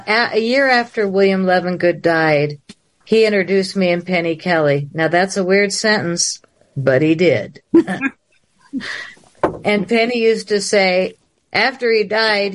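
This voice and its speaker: A woman filmmaker telling a long story on a livestream, acting out the dialogue in different voices. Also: mid-range voice. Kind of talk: animated storytelling. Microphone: livestream video call.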